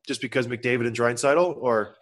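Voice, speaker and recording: A middle-aged man co-hosting a casual sports talk show, animated and jokey. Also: medium pitch, normal speed. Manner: animated, jokey, bursts into loud bits. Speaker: sports podcast co-host.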